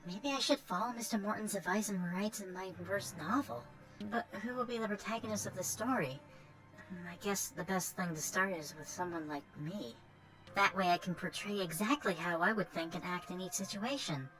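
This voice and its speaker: A woman's voice: mid-range voice, moderate pace, music in the background, lightly acted, poor audio. A woman voicing a thoughtful young woman who dreams of writing her first novel, in a game. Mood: musing. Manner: musing, reflective. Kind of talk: game voice acting.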